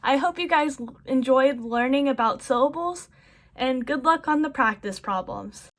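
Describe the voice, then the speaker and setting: A woman teaching a children's lesson, slowly modeling words and praising the listener. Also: high-pitched, animated. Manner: slow, encouraging, modeling words for kids.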